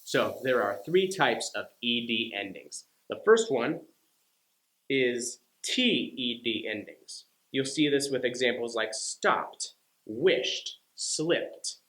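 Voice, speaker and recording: Male pronunciation teacher, unhurried and clearly articulated, recorded in an echoey room. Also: medium pitch, expressive, a bit bright. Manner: slow, deliberate, over-articulated demonstrations. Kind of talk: scripted lesson to camera. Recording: roomy echo.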